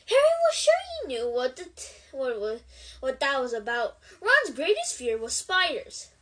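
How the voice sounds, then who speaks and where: Reading a novel aloud, a woman tells the story expressively in a high, very lively voice that climbs and dips from phrase to phrase. She speaks at normal speed, and the recording quality is low.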